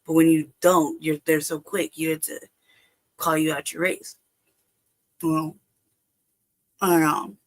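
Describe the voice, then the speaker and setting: A woman's voice: low voice, little pitch movement, unhurried, long pauses. A woman hosting a live stream, telling a personal story in casual, profane talk, often laughing and acting out past exchanges. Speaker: livestream host.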